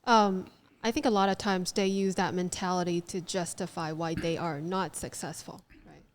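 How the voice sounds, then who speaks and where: A woman's voice: on the low side, steady tone, moderate pace. A woman host whose first language is Chinese, leading a casual interview and putting her questions plainly.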